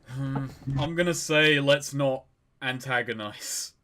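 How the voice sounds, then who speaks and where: A man in casual tabletop play, musing and thinking out loud. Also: mid-range voice, normal speed, noisy background. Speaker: player.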